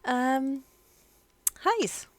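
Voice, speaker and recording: A woman, running a tabletop game as game master in a chatty, laughing way. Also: high-pitched. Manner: lively, chatty, quick to laugh.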